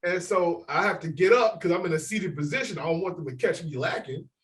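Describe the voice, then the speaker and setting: A man with a somewhat high voice spins a story in casual podcast chat, animated and full of swearing. He acts out the other people's lines as he goes. He sits a little away from the microphone. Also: fairly quick, recorded from a distance, low-quality recording. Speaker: podcast co-host.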